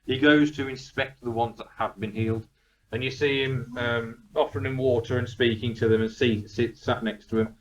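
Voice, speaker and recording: A man's voice: mid-range voice, fairly even intonation, moderate pace, highs cut off, slight background noise. A man narrating as dungeon master, rambling with many fillers and restarts. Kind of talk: narrating a tabletop game. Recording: echoey room, distant mic.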